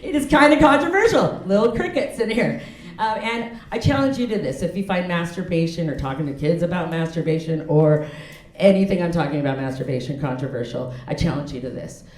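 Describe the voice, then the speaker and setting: A fairly low-pitched woman in her forties talks a little fast during her stand-up set at a comedy club. She's frank and laughs at her own jokes. The recording is echoey, with a loud crowd and audience laughter behind her.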